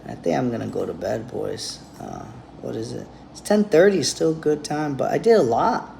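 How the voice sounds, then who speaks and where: A man's voice: mid-range voice, expressive, moderate pace, vocal fry, warm tone, a little hiss or hum. A man giving a blunt, profane, rambling monologue straight to camera as a vlogger.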